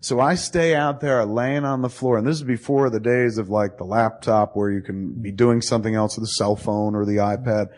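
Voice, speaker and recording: A man telling a long story to a friend in casual talk, profane and animated, acting out both sides of the dialogue. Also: on the low side, normal speed, hardly any pauses.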